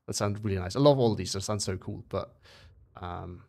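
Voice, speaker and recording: A young Swiss man streams a game in a low, creaky, slightly mellow voice at normal speed. Speaking English as a second language with a mixed British-American accent, he rambles and corrects himself while chatting casually with viewers.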